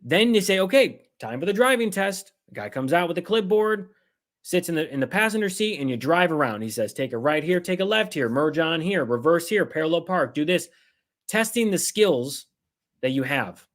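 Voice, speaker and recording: A man's voice: on the high side, lively intonation, moderate pace, a bit bright. A man hosting a political livestream, ranting heatedly with swearing and sarcastic mimicry. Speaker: political commentary host. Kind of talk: angry livestream rant.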